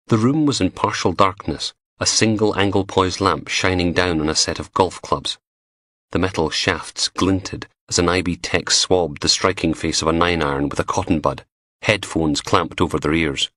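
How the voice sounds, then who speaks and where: Male audiobook narrator, low and animated, dry studio sound. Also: no echo. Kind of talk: scripted narration.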